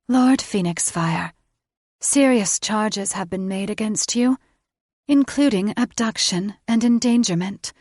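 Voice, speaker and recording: A woman's voice: medium pitch, slow pace, darkish tone, no echo, clean studio sound. A woman voicing a haughty fae queen in an audiobook, speaking with clipped, imperious commands. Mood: cold commanding. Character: haughty regal fae queen, cold and condescending. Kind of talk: audiobook character voice.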